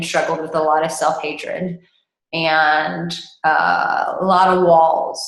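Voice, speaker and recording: A woman's voice: fairly low pitch, a bit bright. A woman intimacy coach telling a personal client story in conversation, candid and blunt, with frank profanity. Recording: echoey room.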